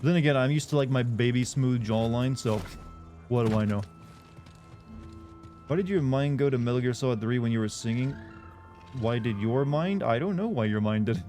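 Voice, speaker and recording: A man's voice: mid-range voice, normal speed, pauses often, darkish tone, soft background music. A man chatting casually while streaming a game, rambling and answering his chat. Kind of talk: casual let's-play chat.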